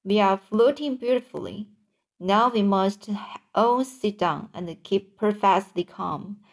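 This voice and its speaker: A wise old storybook grasshopper speaking in a measured, reassuring manner, voiced by a woman. He takes his time over every word. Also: medium pitch. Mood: calm. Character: old green male grasshopper, calm elder.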